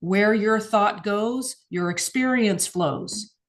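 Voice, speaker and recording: A woman's voice: mid-range voice, takes it slowly. A woman hosting a spiritual mindset show, teaching in a casual, earnest way, acting out questions and laughing now and then. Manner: earnest, animated, laughs often, acts out questions.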